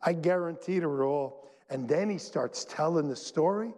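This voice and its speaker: A man pastor preaching a sermon to his church, emphatic and full of dramatic pauses. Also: fairly high pitch, darkish tone. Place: church sanctuary. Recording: long reverb in a large hall.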